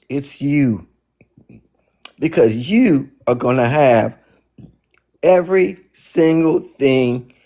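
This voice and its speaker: A man's voice: fairly high pitch, a little mellow. A man giving an inspirational faith talk, emphatic and preachy, repeating his key phrases. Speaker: motivational speaker.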